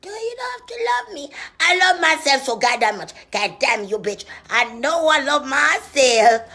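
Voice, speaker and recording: High-voiced woman in a profane comic rant. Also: big pitch swings, measured pace. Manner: profane, preachy, shifts between hushed whispers and loud shouting. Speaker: comedian.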